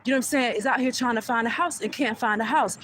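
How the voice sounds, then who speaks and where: A woman telling a heated personal story to her viewers, profane and animated, speaking straight to the audience. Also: fairly high pitch, quick pace, a little hiss or hum. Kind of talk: casual storytelling rant.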